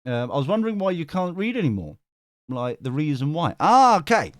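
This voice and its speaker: A man's voice: fairly high pitch, very animated, fairly quick, darkish tone, no room sound. A man hosting a live tarot stream, chatting casually, laughing often and swearing now and then as he reads out chat. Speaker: tarot reader and stream host.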